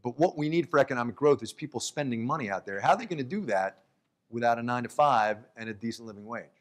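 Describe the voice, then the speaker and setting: A man, a radio host, interviewing a guest onstage with short affirmations and measured questions. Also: medium pitch, expressive.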